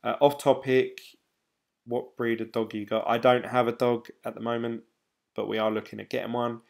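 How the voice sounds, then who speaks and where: A man's voice: medium pitch, little pitch movement, moderate pace, gravelly, a little mellow. A man hosting a casual livestream. He talks in a loose, rambling way and answers viewers' comments as he goes. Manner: rambling, chatty, loose and informal. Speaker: crypto livestream host.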